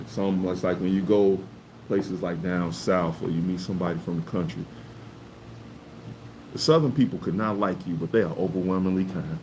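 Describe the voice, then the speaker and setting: Man, lowish voice, relaxed storytelling, faint room ambience. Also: normal speed, a little hiss or hum, poor audio. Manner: storytelling, acts out quoted voices with rising pitch. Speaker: podcast co-host. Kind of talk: casual chat.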